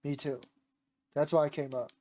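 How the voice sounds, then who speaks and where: A man with a sore voice voicing a chatty, excitable young woman while reading a visual novel aloud. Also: on the high side, normal speed, close to an everyday voice. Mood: eager.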